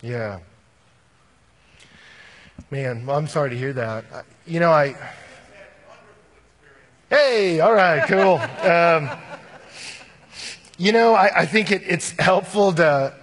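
A man's voice: fairly high pitch, animated, takes it slowly, long pauses, a bit bright, in a large hall. A man who works as a youth minister, answering an audience question in a candid, storytelling way and often quoting scripture. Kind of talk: conversational Q&A answer.

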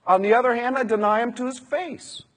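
A man speaking as a remorseful male disciple who berates himself in inner monologue, with a husky voice. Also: very high-pitched, brisk, fairly bright tone, big-room sound, pitched above the performer's own voice. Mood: self-reproaching. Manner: self-reproaching inner monologue.

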